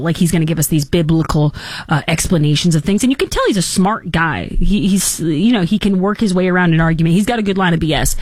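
A woman in her thirties hosting a show, talking in casual, sarcastic commentary and jumping into high mocking voices. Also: darkish tone, no room sound, clean studio sound. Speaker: host.

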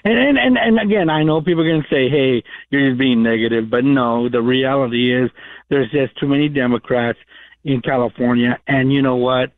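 A man's voice: medium pitch, a little fast. A man calling in to a radio show, chatty and rambling, with many fillers. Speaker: caller. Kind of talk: radio call-in. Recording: tinny phone line.

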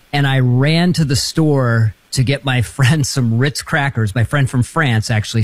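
A man co-hosting a casual talk show, telling a relaxed anecdote. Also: medium pitch, no room sound. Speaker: co-host.

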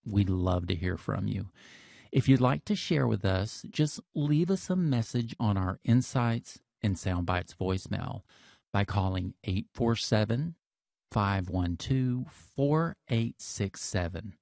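A man hosting a podcast, reading a calm, measured scripted introduction. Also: fairly low pitch, creaky, no room sound, studio quality. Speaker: podcast host.

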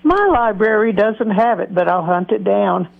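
A woman calling in to a radio show, speaking in a warm, gushing way. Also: medium pitch, animated, moderate pace, gravelly. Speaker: caller. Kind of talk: phone-in call. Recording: dull call-in line.

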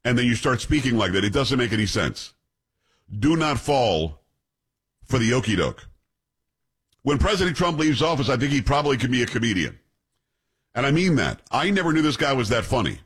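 A man's voice: medium pitch, sing-song, fast, a bit bright, slightly rough. A man hosting an opinion show, describing clips with blunt, scornful commentary. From New York. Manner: blunt, scornful commentary with many rhetorical asides. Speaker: show host.

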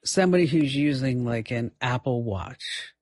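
A host with a man's voice running a radio talk show, upbeat, with quick laughs. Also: medium pitch, a little mellow, dry recording.

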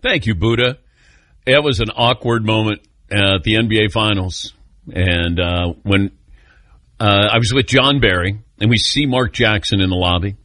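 A man hosts a sports call-in radio show, telling animated stories, laughing often, and taking callers. His voice is on the low side at a moderate pace, with no room sound.

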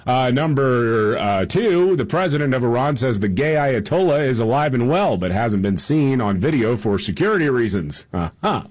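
A male radio talk host with a husky voice, reading news headlines in a conversational way with fillers. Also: mid-range voice, animated, moderate pace, few pauses.

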